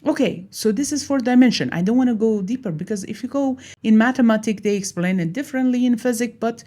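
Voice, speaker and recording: Animated woman explaining with a mellow voice. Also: a little high, fast. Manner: animated, acts out little dialogues, laughs at herself. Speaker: teacher. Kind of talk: casual explanatory talk.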